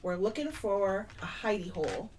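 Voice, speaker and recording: A woman player speaks a little away from the mic, playful and quick to laugh as she talks in character. Faint noise sits under her voice, and her pitch stays ordinary. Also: big pitch swings, a little mellow, far from the mic. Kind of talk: casual tabletop game play.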